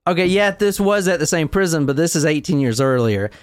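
A man's voice: a little high, expressive, fairly quick, smooth, dry recording, clean studio sound. A man hosting a casual podcast, rambling, swearing and laughing as he tells the story. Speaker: podcast host.

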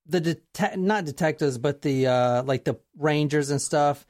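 A woman hosting a casual chat, telling a true crime story in an animated way, swearing casually and acting out quotes. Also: low-pitched, unhurried.

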